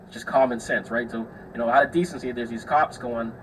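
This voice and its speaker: On his solo podcast, a chatty young man spins loose stories, voices the characters, and curses freely. He talks briskly in a steady, fairly bright, everyday-pitched voice, a touch far from the mic with a faint hiss behind him.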